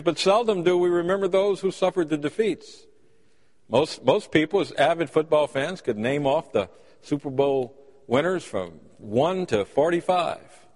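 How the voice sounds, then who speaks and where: Preacher in a reverberant sanctuary. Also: male voice, fairly high pitch. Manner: folksy storytelling with acted-out quotes. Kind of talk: sermon. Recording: long hall reverb.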